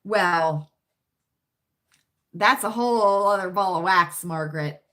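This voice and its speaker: A woman's voice: on the low side, takes it slowly, sharp tone. An American woman hosting a casual livestream chat, talking dramatically to her viewers and calling them friends. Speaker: livestream host.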